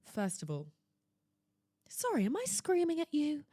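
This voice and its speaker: A young woman hosting a podcast, talking in a theatrical, exclamatory way that jumps between loud outbursts and hushed asides. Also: high voice, wildly swooping pitch, a little slow, dry recording, clean studio sound. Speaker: podcast host. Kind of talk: casual chatty monologue. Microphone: laptop recording setup.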